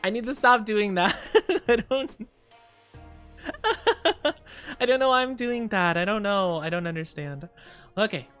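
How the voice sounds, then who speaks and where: A playful male streamer chats and rambles to his viewers, his pitch bouncing all over the place. He giggles often, and soft music runs quietly in the background. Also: expressive, measured pace, long pauses, smooth. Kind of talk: casual live-stream chat.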